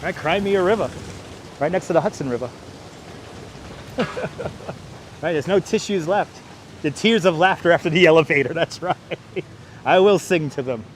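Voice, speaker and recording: Male livestream host, high voice, playful and jokey, walking outdoors on a wireless lapel mic with faint traffic noise. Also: moderate pace, pauses often. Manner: jokey, breaks into playful singing, reads out viewer names. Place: outdoors on an elevated city park walkway. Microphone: wireless clip-on mic, phone on gimbal.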